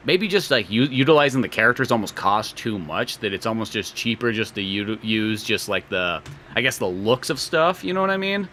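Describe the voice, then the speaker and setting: A man's voice: lowish voice, animated, brisk, bright, forceful tone, a little hiss or hum. A young man co-hosting a podcast, rambling casually with lots of fillers and sarcastic asides. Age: young adult. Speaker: podcast co-host. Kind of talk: casual chat.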